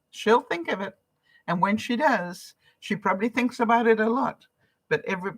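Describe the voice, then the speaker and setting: An older Canadian woman with a medium-pitched voice chats casually as a vlogger on a live stream. Between laughs, she reads out viewer comments and encourages them.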